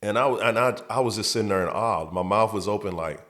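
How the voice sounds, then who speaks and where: A man's voice: fairly low pitch, fast talker, fairly bright tone. A man hosting his show, telling a personal story in casual talk, repeating words and acting out quotes. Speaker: host.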